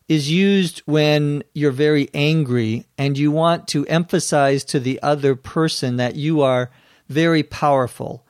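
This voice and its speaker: A man hosting an English lesson who explains phrases in a slow, careful, deliberate way. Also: mid-range voice, a little mellow, dry recording, studio quality. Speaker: English teacher host.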